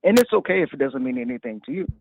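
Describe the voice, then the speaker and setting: A man's voice: medium pitch, expressive, racing, a crowd in the background. A male caller from Arizona, a military veteran, talking hesitantly with stammers and nervous laughs. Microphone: phone call. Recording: tinny dry phone line.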